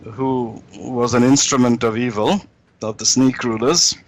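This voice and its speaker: A man's voice: mid-range voice, fairly even intonation, measured pace, poor audio. A man guest in an interview, telling jokes in a rambling way with many restarts.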